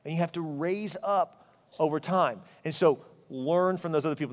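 A man preaching a sermon as pastor, telling stories in an animated way. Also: normal speed, long reverb tail. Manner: animated storytelling, voice rising high in anecdotes.

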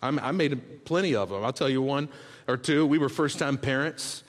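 A man preaching a sermon, telling family stories with lively bursts and then dropping to a hushed, earnest tone. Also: medium pitch, moderate pace. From Bahamas. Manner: storytelling, swings from loud animated bursts to hushed earnest tones. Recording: long reverb of a large hall.

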